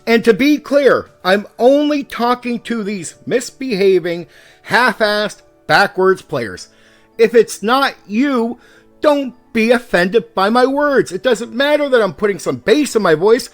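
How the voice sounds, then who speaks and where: Fired-up man ranting, high-pitched voice. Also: measured pace, soft background music. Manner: heated and profane, pushing his points hard; swings between raised and calm speech on purpose. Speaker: YouTube host and game master. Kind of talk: ranting commentary to the camera.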